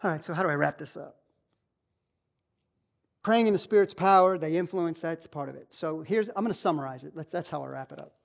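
A woman preacher delivering a sermon with passion. She repeats key phrases, swings from loud, emphatic cries to low, hushed asides. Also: a little fast, gravelly.

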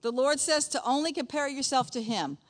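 A woman's voice: sits high, moderate pace. A middle-aged woman teaching a conversational Bible lesson in a chatty way, often checking in with her listeners.

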